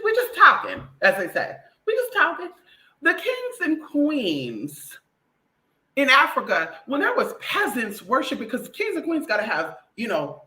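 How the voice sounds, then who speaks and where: Brash, profane, animated woman ranting. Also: on the high side, echoey room, poor audio. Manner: blunt, profane, animated, mimics others. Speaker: vlogger. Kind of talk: casual opinionated monologue.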